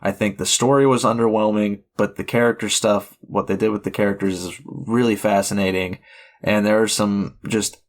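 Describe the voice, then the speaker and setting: A young man with a lowish voice co-hosts a film podcast. He talks in a relaxed, casual way, laughs often and swears now and then. He sounds close to a podcast mic. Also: normal speed. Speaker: podcast co-host. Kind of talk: casual chat.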